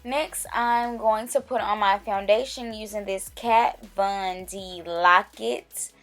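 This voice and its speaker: A young woman beauty vlogger narrates a casual makeup tutorial, chatting with viewers and speaking straight to them as she works. Her mid-range voice is steady, slow and a bit bright, with faint music in the background.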